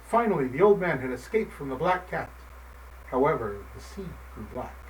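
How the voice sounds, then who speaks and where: A man narrating a folk tale in a gentle, measured storybook manner. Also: fairly high pitch, expressive. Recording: distant mic, faint background noise.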